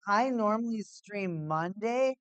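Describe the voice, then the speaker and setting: A man's voice: high voice, expressive, slow, clean tone, dry recording. Laid-back man with a dry, close voice. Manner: rambling, laid-back, repeats himself. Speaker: live-stream host. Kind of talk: casual hockey watch-party chat. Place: at home, in a cold room.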